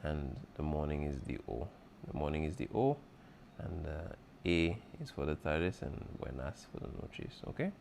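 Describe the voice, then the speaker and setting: A man's voice: deep voice, gravelly, slight background noise. A man as a teacher going over an exam review, patiently repeating key points and checking in with his students. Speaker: Spanish teacher.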